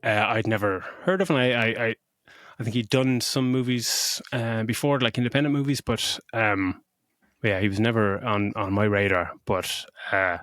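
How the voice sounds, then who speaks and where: Excitable man with a dry, close sound. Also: on the low side, moderate pace, dry recording. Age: middle-aged. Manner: enthusiastic, swears freely, full of restarts; emotional when retelling scenes. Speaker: podcast co-host. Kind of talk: casual film review chat.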